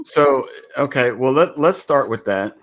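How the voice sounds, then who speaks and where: A man's voice: mid-range voice, lively intonation, unhurried. Folksy man with stop-start phrasing. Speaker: co-host of a ranch live stream. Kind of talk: casual live-stream chat.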